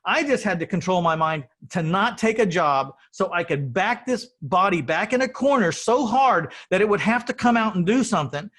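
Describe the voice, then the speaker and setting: A man's voice: sits high, animated, normal speed, few pauses, fairly bright tone. A middle-aged man hosting an interview, telling his story in a rambling, earnest way and often repeating words. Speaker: podcast host.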